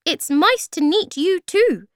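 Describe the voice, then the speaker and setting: A woman voicing two tiny timid creatures who speak slowly in a high voice and swap the sounds of their words. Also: lively intonation, no room sound, studio quality, full character voice. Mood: squeaky. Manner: slow, high, squeaky, mixes up word sounds.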